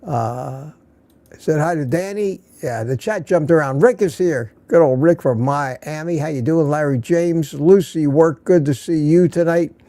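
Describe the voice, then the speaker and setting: A man's voice: fairly high pitch, unhurried, warm tone, no room sound. A man hosting a casual evening livestream, chatting and greeting viewers by name with small jokes. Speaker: livestream host.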